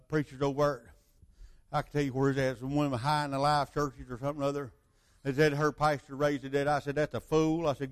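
An older man delivers a sermon in a fairly high voice. He tells the story loosely, full of asides and rhetorical questions put to his listeners. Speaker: preacher.

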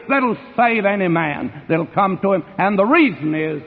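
A man's voice: high-pitched, animated, a little slow, few pauses. Emphatic preaching man, tinny and echoing. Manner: emphatic, sweeping swings between loud and hushed. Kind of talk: sermon. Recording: tinny narrow-band sound with long hall reverb.

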